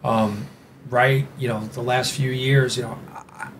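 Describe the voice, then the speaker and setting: A man with a New York accent speaks as a podcast guest at a middling pitch. He rambles and leans hard on his points, stacking up "you know" and "like" as he goes. A faint hiss sits under his voice. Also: flat delivery, measured pace. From New York City. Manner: rambling and emphatic, with many "you know" and "like" fillers. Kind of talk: casual interview conversation.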